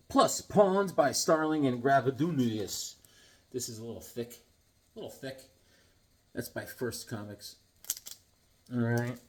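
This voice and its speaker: A man casually showing his comic books, rambling and joking with many restarts and silly asides. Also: medium pitch. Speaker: comic book vlogger. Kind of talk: casual show-and-tell chat.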